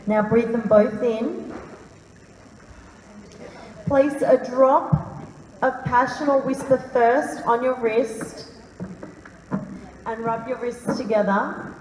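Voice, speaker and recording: A woman calmly guiding a live audience through a breathing meditation in a large hall, speaking slowly and soothingly. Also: a little high, slight background noise. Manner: calm, slow and soothing. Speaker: workshop leader. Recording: roomy hall reverb, faint ambience.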